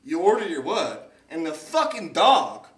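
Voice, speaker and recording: Speaking a little slowly in a voice on the high side, a young podcast host spins a lengthy, profanity-laced story, animatedly performing other people's voices as he goes. He's recorded from a distance, slightly off-mic, in an echoey room.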